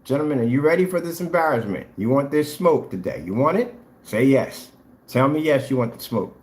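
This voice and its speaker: A man's voice: medium pitch, animated, fairly quick, darkish tone. A man hosting a trash-talking challenge vlog who taunts his rivals and boasts about his paint product. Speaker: vlogger selling paint products. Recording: echoey room.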